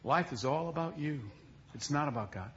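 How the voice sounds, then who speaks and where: A middle-aged man preaching a sermon, telling a story with acted quotes, moving from loud to hushed. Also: on the high side, animated, moderate pace, highs cut off, slight background noise. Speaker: pastor.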